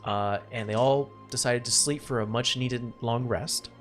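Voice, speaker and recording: A man narrating as game master of a tabletop game, halting with many "uh"s. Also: medium pitch, fairly even intonation, fairly bright tone, soft background music.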